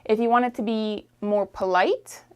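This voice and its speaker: A woman teaching a French lesson, repeating phrases slowly and encouraging the learner to try. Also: a little high, fairly even intonation, clean tone. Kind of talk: friendly language lesson.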